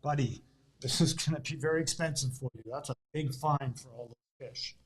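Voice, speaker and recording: A man's voice: mid-range voice, moderate pace, husky, lightly acted. A man doing a stern game warden.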